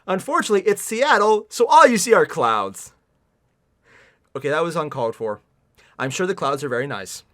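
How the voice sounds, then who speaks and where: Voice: mid-range voice, big pitch swings, normal speed, pauses often, a bit bright. A livestreamer reading a novel aloud and mocking it with sarcastic, exasperated commentary, swearing and sighing often. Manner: sighs often between passages. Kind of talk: sarcastic running commentary on a book.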